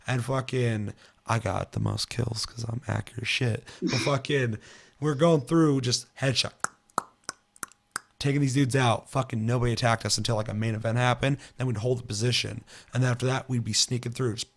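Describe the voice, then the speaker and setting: A man chatting casually on a gaming podcast, swearing a lot and telling stories with animated, shouted quotes. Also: medium pitch, moderate pace, gravelly. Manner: profane, animated storytelling with shouted put-on quotes. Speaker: podcast co-host.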